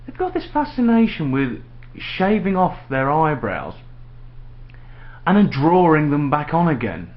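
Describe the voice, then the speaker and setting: A man's voice: on the high side, very animated, unhurried. A man ranting sarcastically to camera in a casual vlog at home. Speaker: vlogger. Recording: dull lo-fi home video with faint noise.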